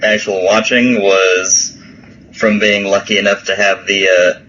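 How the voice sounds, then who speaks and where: A man's voice: fairly low pitch, little pitch movement, measured pace, bright, forceful tone, dull audio, slight background noise. A man co-hosting a podcast in casual chat, laid-back, laughing often and swearing freely. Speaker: podcast co-host.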